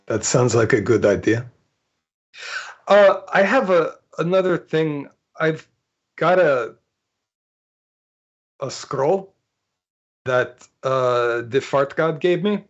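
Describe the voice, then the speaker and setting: A man playing his character in a tabletop game, speaking earnestly with many pauses and fillers. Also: on the high side, lively intonation, highs cut off. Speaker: player. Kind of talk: in-character tabletop role-play.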